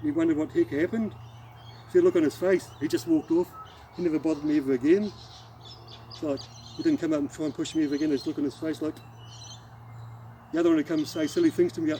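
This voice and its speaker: Rambling Australian man, mellow, fairly high voice. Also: fairly even intonation, slight background noise, rough recording. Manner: rambling, halting storyteller who demonstrates moves while talking. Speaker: martial arts instructor. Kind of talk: casual spoken anecdote with demonstration.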